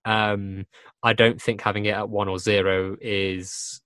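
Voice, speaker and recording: A man's voice: fairly low pitch, little pitch movement, a little slow, a bit bright, smooth, no echo. A young man hosting a casual podcast chat, talking in repeated, self-interrupting bursts. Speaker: podcast host. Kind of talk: casual chat over a video call.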